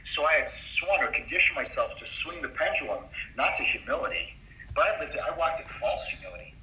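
A man's voice: on the high side, big pitch swings, brisk, pushed and bright, slight background noise. A middle-aged man, a doctor, telling his story to an interviewer in an earnest, emphatic, confiding way. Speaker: doctor as podcast guest. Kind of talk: confessional storytelling in a conversation. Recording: roomy sound from a distance off mic.

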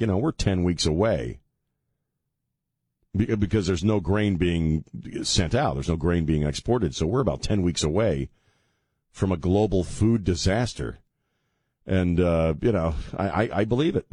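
Low-voiced man rambling on talk radio. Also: a little mellow, no echo, studio quality. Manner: rambling, self-deprecating, earnest about faith. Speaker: radio host. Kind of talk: casual talk radio monologue. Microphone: studio mic with headphones.

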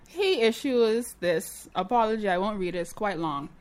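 A woman hosting a casual chat, commenting with animated indignation and mocking quotes. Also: mid-range voice, normal speed. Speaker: podcast host.

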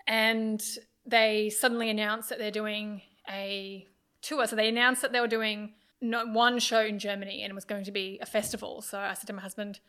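A woman's voice: medium pitch, little pitch movement, moderate pace, sharp tone, clear, resonant tone. A woman, chatting enthusiastically as a podcast guest and telling a story with many fillers. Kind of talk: casual chat.

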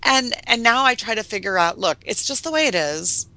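A woman's voice: brisk, dry recording. A middle-aged woman talking as a real estate investor guest, telling stories and acting out quoted voices. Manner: animated storyteller, acts out quoted voices in a high sweet tone. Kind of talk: casual interview chat.

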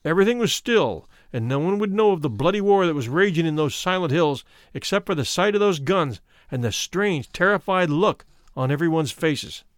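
A man giving a measured, somber first-person reading of a memoir. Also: fairly high pitch, lively intonation, no room sound, studio quality. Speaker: narrator.

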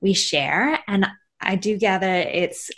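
A woman's voice: mid-range voice, slow pace, a bit bright. A woman hosting a podcast interview, thoughtfully summarizing and building on her guest's points. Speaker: podcast host.

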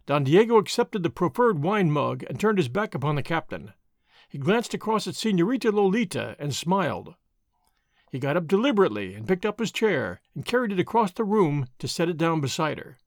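A man narrating a classic novel in a measured storytelling manner. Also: fairly high pitch, very animated, no room sound, clean studio sound. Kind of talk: audiobook narration.

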